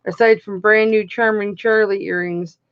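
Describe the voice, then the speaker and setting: A woman's voice: mid-range voice, fairly even intonation, moderate pace, highs cut off, a little hiss or hum. A woman hosting a live online jewelry auction, chatting casually and calling out bidders by name as she counts down the bids. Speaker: auction host.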